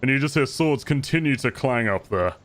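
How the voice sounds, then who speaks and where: A man's voice: medium pitch, fairly quick. Brief: male game master, mid-range voice, easygoing narration with light laughs. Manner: relaxed, chuckling narration.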